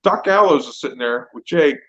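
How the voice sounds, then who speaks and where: A man telling stories in casual podcast chat, animated and full of "like". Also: a little high, brisk. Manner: animated storyteller, heavy use of "like". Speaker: podcast guest, comedian and wrestling trainer. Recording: dull lo-fi sound.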